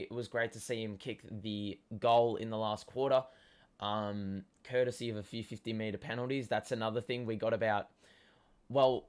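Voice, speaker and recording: Aussie guy, lost his voice yelling, rambling footy review, mid pitch. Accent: Australian. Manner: excitable fan talk with many ums. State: hoarse from cheering. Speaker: fan show host. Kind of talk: casual match review.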